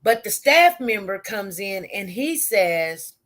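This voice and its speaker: A woman's voice: mid-range voice, very animated, takes it slowly, fairly bright tone. Rambling woman telling a work story. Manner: rambling, repetitive, talks straight to viewers. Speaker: nurse. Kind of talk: casual live-stream storytelling.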